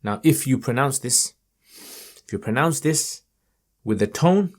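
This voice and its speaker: Slow, encouraging male recitation teacher. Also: medium pitch, lively intonation. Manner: patient, encouraging, models recitation slowly; chants verses in a raised melodic tone. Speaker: Quran reading teacher. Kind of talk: online recitation lesson.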